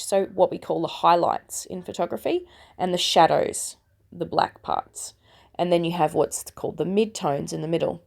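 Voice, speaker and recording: Croaky woman with a gravelly voice. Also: fairly low pitch, darkish tone. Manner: chatty and self-deprecating, explaining step by step. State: croaky from a cold. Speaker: photography tutorial host. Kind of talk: casual screen-recorded tutorial.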